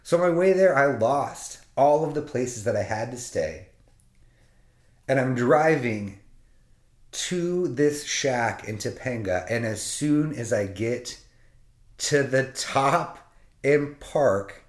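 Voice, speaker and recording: A man spins a comic story about his own misadventures in a loose, casual way, swearing freely and breaking into laughter as he goes. His voice sits at an ordinary middle pitch and carries the roomy echo of the space around him. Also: takes it slowly. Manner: profane, animated, laughing between lines.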